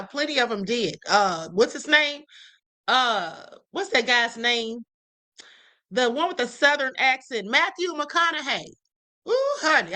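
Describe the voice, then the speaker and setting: High, bright-voiced sassy woman host. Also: rough recording. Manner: chatty, sassy, says "okay?" and "honey" often. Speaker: livestream host. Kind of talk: casual commentary on celebrity gossip.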